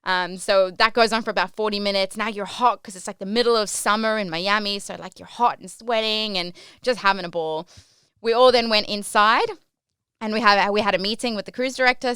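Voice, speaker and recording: A woman's voice: medium pitch, a little fast, pushed and bright, smooth, no echo, studio quality. A young woman from South Africa telling a casual vlog story about her work as a cruise ship entertainer, chatty and full of "like" fillers.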